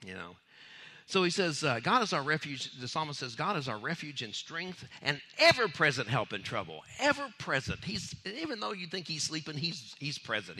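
A man preaching with a bright, forceful voice that jumps high and drops low as he acts out the people in his story. His tone is conversational and playful, and he laughs between points. His voice sits a little above the usual range for a man. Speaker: pastor. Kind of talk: sermon.

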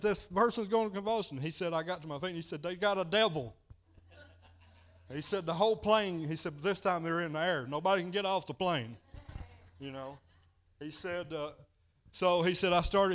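Male preacher, slightly higher voice, folksy storytelling sermon, keeps saying "he said". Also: moderate pace, a bit bright. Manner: folksy, repeats "he said" while retelling a story.

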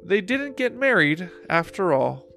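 Guy reading a kids storybook, slow and animated, fairly high voice, bit of gravel, soft guitar behind. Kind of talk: reading a children's storybook aloud. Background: faint guitar music.

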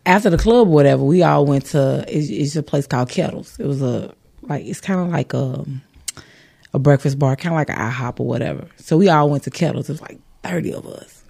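A woman with a gravelly, fry-heavy voice tells a story on a casual chat podcast. She swears freely and acts out what people said, with rough edges on her words. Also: deep voice, brisk. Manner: profane, animated storytelling with acted-out quotes. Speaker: podcast co-host.

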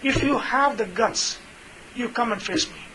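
A man's voice: very high voice, measured pace, noisy background. A man voicing a cunning, scheming fox in a spoken fable, in a casual storytelling tone. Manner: storytelling tone, conversational.

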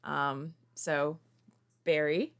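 A woman's voice: low voice, little pitch movement, drawn-out words, creaky, fairly bright tone, clean tone. A woman co-hosting a casual wildlife podcast, who laughs easily and adds dry asides. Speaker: podcast co-host.

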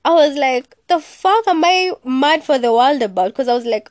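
On her own laid-back podcast, a young host talks with sass at a measured pace, swearing often and dropping in Swahili words. Her slightly high voice is captured close-up and dry, without any room sound.

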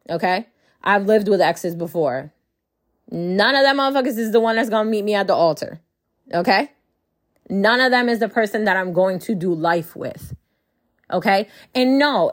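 A woman's voice: medium pitch, dry recording. A woman in her thirties talking casually and bluntly, full of profanity and rhetorical "right?" questions, with a close dry sound. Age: 30s. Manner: rhetorical, keeps asking "right?". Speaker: host. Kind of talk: casual monologue.

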